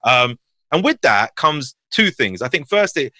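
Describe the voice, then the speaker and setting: A man, an animated, slang-heavy comedy actor swearing freely as a podcast guest. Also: mid-range voice, a little slow, dry recording, studio quality. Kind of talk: casual podcast chat.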